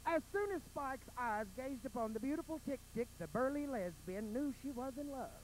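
High-voiced man telling a campy bawdy tale. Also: expressive, moderate pace, slight background noise, low-quality recording. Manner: mock-sweet fairy-tale narration with campy emphasis. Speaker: drag performer. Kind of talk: bawdy comic storytelling on stage. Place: pageant stage.

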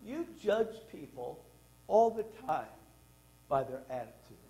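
A man's voice: a little high, very animated, unhurried, warm tone, lo-fi sound. A man preaching a sermon as pastor, reading scripture aloud and pressing the congregation with emphatic questions. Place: church sanctuary.

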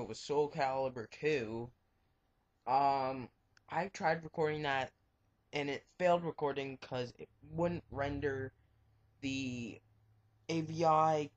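A young man giving rambling, frank commentary over his gameplay and muttering reactions as he plays. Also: mid-range voice. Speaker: let's play gamer. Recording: dull lo-fi home mic.

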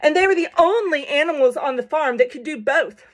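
A woman's voice: high-pitched, a little fast. A young woman reading a children's picture book aloud at home, playful, with chatty asides to her viewers. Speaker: storybook reader for children.

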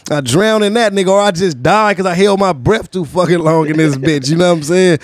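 Animated storytelling man, dry sound. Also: sits high, fairly quick, dry recording. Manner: animated storyteller, heavy slang, acts out quotes. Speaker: podcast host. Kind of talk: casual storytelling chat.

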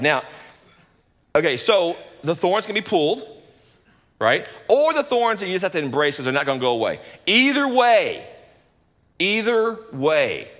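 Pastor guy preaching all casual and folksy, voice jumps up and down a lot, big echoey church hall. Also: on the high side. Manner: animated, folksy preaching with joking asides. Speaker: lead pastor. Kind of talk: conversational sermon.

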